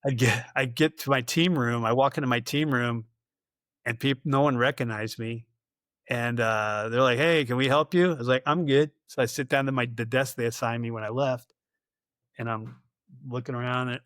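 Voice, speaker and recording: A man's voice: mid-range voice, a bit bright, no echo, studio quality. A middle-aged man, a podcast guest, telling rambling anecdotes in a casual interview, acting out the dialogue and laughing often.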